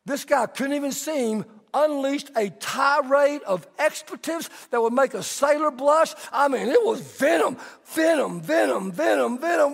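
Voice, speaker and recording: A middle-aged man preaching a sermon as a pastor, telling stories in an animated, conversational way. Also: very high-pitched, normal speed, creaky, hardly any pauses. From Texas. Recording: long hall reverb.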